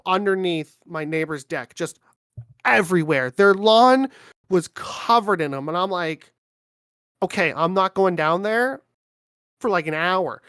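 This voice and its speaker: Dry-sounding animated woman telling stories. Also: mid-range voice, smooth, no room sound. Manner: animated, laughs often, lots of "like". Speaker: podcast host. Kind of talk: casual storytelling chat.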